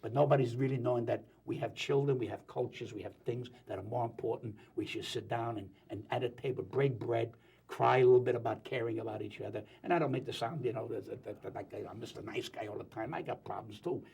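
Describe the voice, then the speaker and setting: A man talking as a guest on a talk show, telling jokes and opinions in a rapid, wisecracking way. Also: mid-range voice, creaky, darkish tone, husky. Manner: rapid, joking, wisecracking storyteller. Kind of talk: animated talk show banter.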